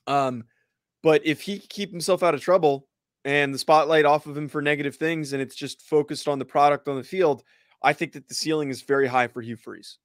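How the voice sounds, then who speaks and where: Earnest sports podcast man, fairly high voice. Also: fairly even intonation, a little fast, no room sound, studio quality. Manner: earnest, repeats words when starting. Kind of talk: casual chat.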